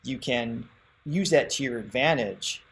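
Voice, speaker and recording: A man's voice: mid-range voice, unhurried, a bit bright, slight background noise. A man hosting a reaction show from a remote spot, talking enthusiastically and explaining vocal technique with frequent restarts. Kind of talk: casual reaction commentary. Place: remote, away from his usual setup.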